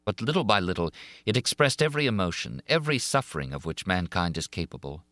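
A man with a lowish, bright voice narrating an audiobook. His reading is theatrical and expressive, and the recording is dry and close. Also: fast, dry recording.

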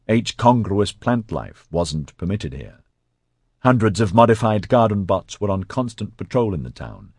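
A man reads an audiobook in a steady, unhurried way. His voice is very low with a husky grain. The close studio mic keeps it dry. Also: no echo. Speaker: audiobook narrator. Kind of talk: scripted narration.

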